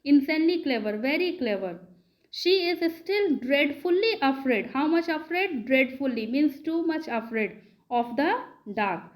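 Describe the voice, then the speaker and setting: A woman gives a grammar lesson in a high voice. She speaks slowly and deliberately, repeating key words and quizzing her class as she goes. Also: expressive, rough recording. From India. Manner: slow, repeats words and asks the class questions. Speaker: English teacher.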